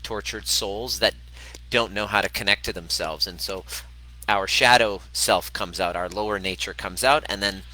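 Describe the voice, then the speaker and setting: A man's voice: lowish voice, normal speed, pushed and bright, rough recording. A man hosting a casual livestream, speaking candidly and emphatically, swearing freely and repeating points to drive them home. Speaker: host of a livestream on self-love and healing.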